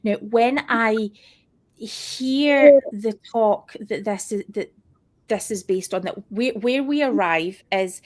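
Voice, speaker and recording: A woman speaking earnestly in a casual panel discussion, pausing and restarting as she searches for words. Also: a little high, a little mellow. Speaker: podcast panelist.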